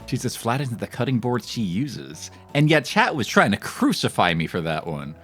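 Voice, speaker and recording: A man's voice: medium pitch, big pitch swings, normal speed, a bit bright, faint music behind. A man streaming a cooking game, chatting casually and making crude, rambling jokes with lots of fillers. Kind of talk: casual gameplay commentary.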